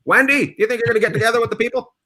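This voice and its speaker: A man hosting a casual comedy chat, loud and laughing, swearing often. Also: fairly even intonation, racing, slight background noise. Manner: loud, laughing, swearing, big swings in pitch. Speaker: host.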